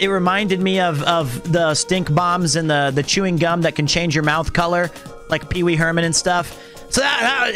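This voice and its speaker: High, bright-voiced man rambling on stream. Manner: rambling, jokey, self-mocking storyteller. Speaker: live streamer. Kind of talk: casual chat with live chat.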